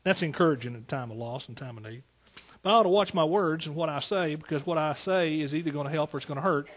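Husky-voiced preacher in his sixties. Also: a little high, fast talker. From East Texas. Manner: folksy, storytelling, rising to emphatic praise. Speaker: pastor. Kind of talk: sermon.

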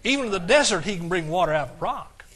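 A man's voice: sits high, expressive, fast talker, a bit bright, slightly rough. An older man preaching a sermon with fervent, emotional delivery, often calling out to the congregation. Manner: emotional, fervent preaching with audience call-outs. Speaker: pastor.

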